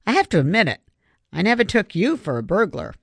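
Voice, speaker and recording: A narrator voicing a gruff, suspicious retired miner in his old age, growling his lines. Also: medium pitch, huge pitch swings, a little fast, dry recording, studio quality, voice pushed up, exaggerated voice.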